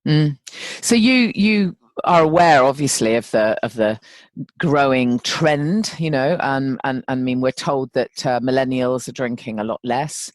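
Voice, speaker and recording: A woman's voice: rumbling low, unhurried, no echo. A woman hosting an interview, who asks her questions hesitantly and chattily with lots of fillers. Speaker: podcast host. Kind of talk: interview conversation.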